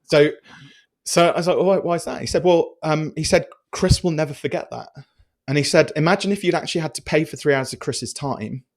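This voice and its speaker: A man's voice: on the high side, a little fast. Chatty man telling a story. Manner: animated, chatty storyteller with many restarts and fillers. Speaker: podcast guest. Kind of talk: casual storytelling interview.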